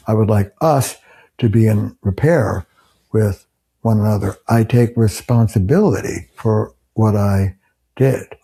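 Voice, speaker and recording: Older guy therapist, gravelly husky voice, earnest and emphatic. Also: mid-range voice, dark tone. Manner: earnest, emphatic, acts out example quotes. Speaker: couples therapist. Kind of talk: explanatory monologue to camera.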